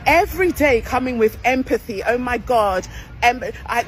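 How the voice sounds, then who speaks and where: A woman's voice: fairly high pitch, animated, moderate pace, soft background music, poor audio. A woman lecturing incredulously and mocking others in a vlog commentary. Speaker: social media commentator.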